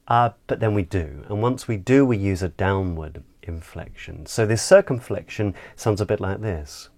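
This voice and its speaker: A male voice and speech coach gives a measured, explanatory lesson on intonation, demonstrating pitch glides with sung sounds as he explains. His voice is a little mellow.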